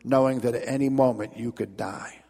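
A man's voice: medium pitch, steady tone, moderate pace, creaky, dark tone, husky. A preacher acting out a humble old furrier who speaks politely and hesitantly and trips over his words. The voice rings out in a large, reverberant church. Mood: timid.

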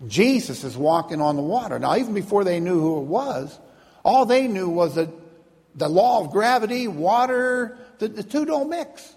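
A man's voice: high-pitched, big pitch swings, moderate pace, a little mellow. A man preaching a sermon as a pastor, telling stories and acting out the voices of the people in them. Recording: long hall reverb.

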